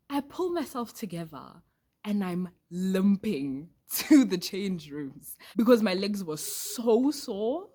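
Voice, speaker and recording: A woman's voice: medium pitch, a little mellow, slightly rough. A teenage girl, telling a story to her vlog in a candid, dramatic way with casual slang. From South Africa. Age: teens. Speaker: vlogger.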